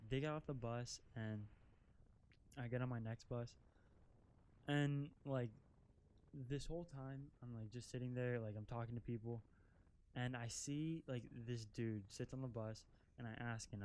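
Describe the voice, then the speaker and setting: Out driving an off-road vehicle, this young vlogger shares a casual story in a smooth, slightly mellow medium-pitched voice at a somewhat slow pace. He wanders, curses, and fills nearly every pause with "like".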